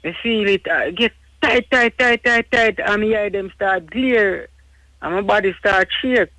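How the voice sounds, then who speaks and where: A man's voice: high voice, measured pace, bright, forceful tone, dry recording, poor audio. A Jamaican man calling into a radio show, rambling and defensive. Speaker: caller. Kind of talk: phone-in talk.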